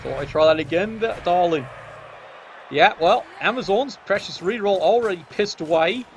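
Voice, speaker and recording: A man's voice: high voice, normal speed, soft background music. Cheeky man commentating a game. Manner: cheeky, sardonic banter.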